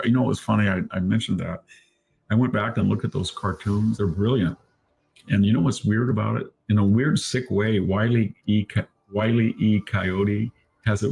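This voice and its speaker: Brief: male pundit, gravelly and husky, animated commentary with stammers. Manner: animated, mimics opponents in high voices, stammers. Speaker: political commentator. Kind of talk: opinionated commentary.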